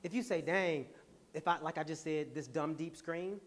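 A man hosting a podcast, giving an animated, laughing, preacher-like motivational talk to a live audience. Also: fairly high pitch, normal speed. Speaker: podcast host and speaker.

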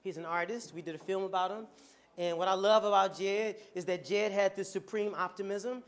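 A man preaching a storytelling sermon to his congregation, animated and joking and laughing often as he talks. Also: sits high, a little fast. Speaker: pastor. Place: church before a congregation.

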